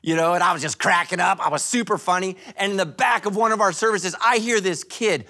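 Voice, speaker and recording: A male pastor giving a sermon at a church service, joking and telling animated stories. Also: high voice, fairly quick. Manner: animated, joking, storytelling preacher.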